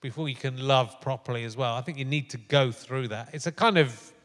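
A man's voice: medium pitch, a little fast, a bit bright. A middle-aged man hosting a live comedy podcast in front of an audience, chatting in a bawdy, joking way and laughing often. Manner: jokey, bawdy, laughs a lot. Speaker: podcast host. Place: large live venue on stage. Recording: long hall reverb from a live venue.

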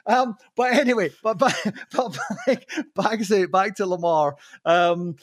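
A man telling anecdotes as a podcast guest, laughing often, swearing, and slipping into quick impressions. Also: high voice, animated, no room sound, clean studio sound.

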